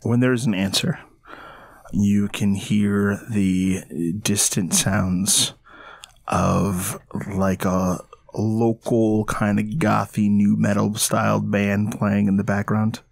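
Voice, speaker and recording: Brief: male game master, unhurried descriptive narration, low voice, dry close recording. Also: little pitch movement, creaky, dry recording.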